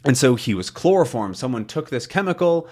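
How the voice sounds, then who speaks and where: A man teaching English to learners, reading a comic aloud with slow, clear explanations. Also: medium pitch, sing-song, darkish tone.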